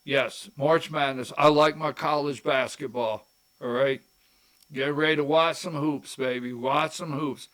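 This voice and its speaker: A man from rural Georgia hosts a political talk show in a loose, unscripted monologue. He talks slowly and drifts from one thing to the next, often saying the same phrase twice. His voice sits a bit high for a man. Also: fairly even intonation, a bit bright. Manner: rambling, folksy, repeats phrases. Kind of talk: casual commentary monologue.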